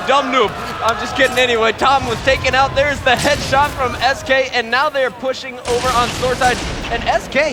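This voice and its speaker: High-voiced excited male game commentator. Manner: rapid excited play-by-play calls. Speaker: esports play-by-play commentator.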